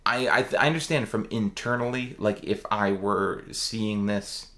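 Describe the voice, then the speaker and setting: A man's voice: on the low side, normal speed, a bit bright. A man co-hosting a casual movie review podcast, rambling with many fillers and restarts. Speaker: podcast co-host.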